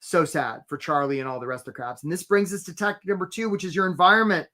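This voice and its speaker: Energetic career coach, a man hosting a live webinar, chatty and quick to shout out attendees by name. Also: sits high.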